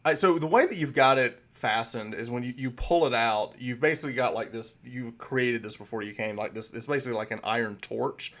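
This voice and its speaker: A man's voice: mid-range voice, brisk, few pauses, fairly bright tone. A man narrating a tabletop game as game master, rambling through many fillers and restarts.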